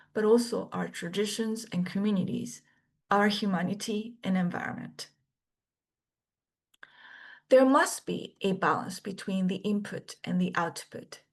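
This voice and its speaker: Measured woman instructor reading a lecture. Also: mid-range voice, darkish tone. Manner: measured, deliberate delivery with pauses between list items. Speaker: course instructor. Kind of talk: scripted orientation lecture.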